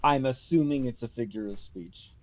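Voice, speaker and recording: A man's voice: medium pitch, moderate pace. A man livestreaming a game, chatting casually with viewers in a self-deprecating, laughing way, wearing headphones at a desk mic. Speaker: streamer.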